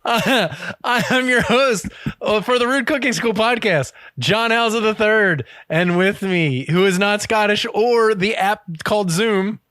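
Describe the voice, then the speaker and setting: A man's voice: high-pitched, a little slow, a bit bright, no room sound, studio quality. A man hosting a casual comedy podcast, joking, swearing and slipping into silly impressions. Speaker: podcast host.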